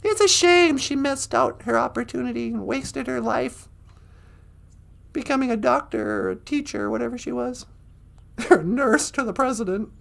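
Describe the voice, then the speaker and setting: A woman hosting a live-stream podcast in casual chat, laughing often and reading lines slowly and dreamily. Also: a little high, lively intonation, creaky. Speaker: podcast host.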